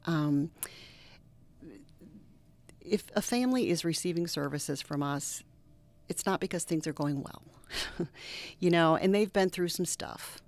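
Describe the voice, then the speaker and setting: A middle-aged woman with a low, gravelly voice, talking in an interview. She tells stories earnestly and with feeling, and often drops to a hushed, almost whispered tone. Her delivery sounds close and conversational. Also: a little slow, pauses often, no room sound. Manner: earnest, animated storyteller who drops to soft near-whispers. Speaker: reverend and guest. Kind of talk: interview conversation with personal storytelling.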